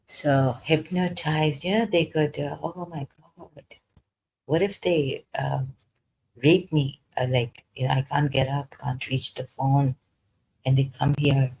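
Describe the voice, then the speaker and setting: A frightened vlogger, telling a personal story in a hesitant, halting way full of pauses and false starts. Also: medium pitch, level tone, gravelly, darkish tone, slight background noise, poor audio. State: frightened, unsettled. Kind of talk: personal confessional monologue.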